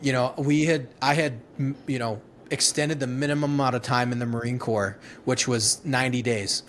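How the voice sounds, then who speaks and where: A man's voice: mid-range voice, fairly even intonation, moderate pace, slight background noise. Profane ex-Marine man telling war stories. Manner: rambling, profane, laughing retelling with many restarts. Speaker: guest, former Marine infantryman. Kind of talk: casual storytelling interview.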